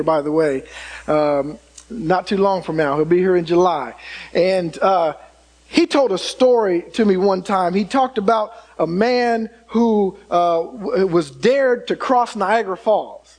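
A man preaching a sermon, stretching key words for emphasis and voicing the people in his stories. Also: sits high. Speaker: pastor.

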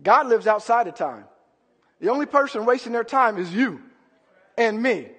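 A man preaching a sermon with passion, swinging between loud outbursts and low, quiet asides. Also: expressive, moderate pace, pauses often, husky, long reverb tail.

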